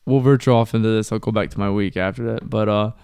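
A man's voice: lowish voice, steady tone, fast talker, creaky, darkish tone, clean tone, no echo, studio quality. A young man from Ohio telling rambling, profane stories in a casual podcast chat. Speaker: podcast co-host.

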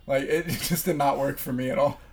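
A man's voice: medium pitch, steady tone, a little fast, darkish tone. A man co-hosting a film podcast, giving blunt, emphatic opinions with frequent laughs. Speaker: podcast co-host. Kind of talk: casual film review chat.

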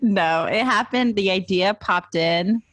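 A woman's voice: mid-range voice, slow, fairly bright tone, no room sound. A young woman, a photographer, chatting as an interview guest and acting out her own past thoughts as she tells her story. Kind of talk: casual interview chat. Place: moved to Austin.

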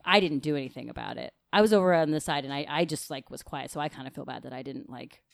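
A woman co-hosting a podcast in casual chat, chatty and swearing, quick to back up her partner. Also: extremely low pitch, gravelly, no echo, clean studio sound. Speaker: podcast co-host.

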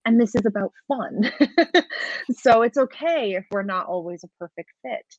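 Lively woman game master, dry dull sound. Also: a little high, normal speed, no echo. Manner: animated, laughs often. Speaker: podcast guest and game master. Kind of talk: casual interview talk.

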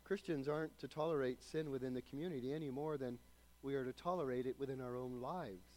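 A man preaching a sermon, swinging from loud, raised emphasis down to quiet, hushed passages. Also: medium pitch, fast talker. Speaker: pastor.

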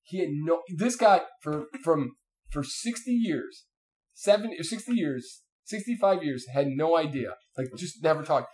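A man's voice: a little high, a little slow. A man in casual chat, telling a long story with lots of fillers and restarts. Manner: rambling, animated, many fillers and restarts.

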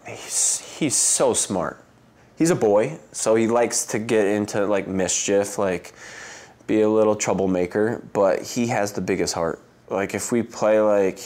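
A man's voice: fairly low pitch, a little mellow. A man in his thirties telling personal stories in a casual interview, full of "like" and "um" fillers.

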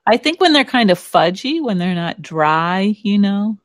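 A podcast co-host chatting casually, agreeable and quick to laugh, with many short backchannels. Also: mid-range voice, big pitch swings, a bit bright, no echo. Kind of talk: casual chat about a soap opera.

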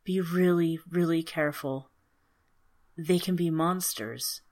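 A woman voicing a protective young sister who speaks softly and tearfully. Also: fairly low pitch, slow pace. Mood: tearful, worried. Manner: soft and muffled.

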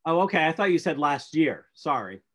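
A man co-hosting a casual interview who jokes along and asks questions with halting restarts. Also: fairly high pitch, sing-song, fairly bright tone. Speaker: podcast co-host.

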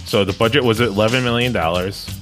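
A man hosting a podcast in casual chat, chatty and quick to laugh, often trailing off mid-sentence. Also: fairly low pitch, music in the background. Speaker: podcast host.

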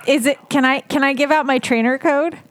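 A woman co-hosting a casual podcast, giggly and animated, laughing easily. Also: sits high, a little fast, dry recording. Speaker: podcast co-host. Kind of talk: casual group podcast chat.

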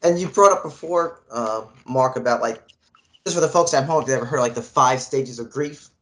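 Podcast cohost guy explaining stuff, lots of likes and you knows, average pitch. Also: a little fast, fairly bright tone. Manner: explains things in a loose, filler-heavy way. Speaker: podcast co-host. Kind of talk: casual podcast chat.

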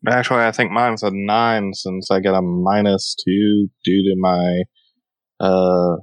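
A man's voice: sits low, little pitch movement, a little slow, dry recording. A man playing in a tabletop game who talks in a candid, rambling way. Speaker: player.

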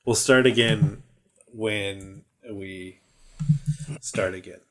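A man's voice: fairly low pitch, steady tone, very slow, a bit bright. A man with a Californian American accent, co-hosting a tabletop gaming podcast in loose, jokey casual chat with frequent laughs. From United States. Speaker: podcast co-host, dungeon master.

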